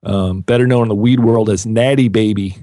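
A man's voice: on the low side, steady tone, fairly quick, dark tone, dry recording, clean studio sound. Laid-back rambling male podcast host. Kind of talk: casual chat.

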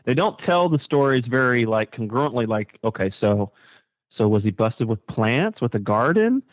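Man, talk show co-host, sarcastic, animated, middle pitch, dry close sound. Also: moderate pace, dry recording, lo-fi sound. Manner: animated and sarcastic, voice jumping high when mocking. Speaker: podcast co-host. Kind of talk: casual talk show banter.

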